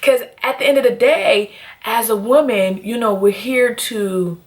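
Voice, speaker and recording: A young woman on her vlog, telling a personal story in an animated, blunt and profane way. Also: a little high, unhurried. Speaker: beauty YouTuber.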